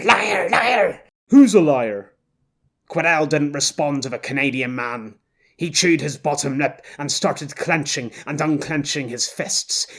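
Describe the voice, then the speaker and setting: A man reading an audiobook as narrator in a measured, intense style. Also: fairly high pitch, a bit bright.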